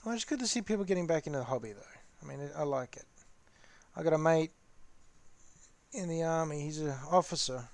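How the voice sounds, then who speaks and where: A man's voice: on the high side, expressive, brisk, long pauses, darkish tone, dry recording. A man hosting a casual live-stream chat while painting models, rambling and talking to his viewers. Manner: rambling, chatty, talks to the chat.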